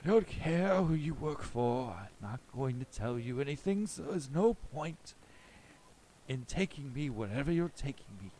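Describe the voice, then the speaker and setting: A man's voice: medium pitch, animated, a little slow, warm tone, slight background noise, voice pushed up, natural voice. A man voicing a defiant elderly captive in a strained, raised voice.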